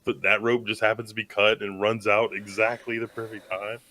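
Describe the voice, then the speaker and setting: A man's voice: fairly low pitch, level tone, brisk, sharp tone, a little hiss or hum. A man co-hosting a movie podcast, chatting casually, rambling and joking with lots of fillers. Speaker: podcast co-host. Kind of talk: casual chat.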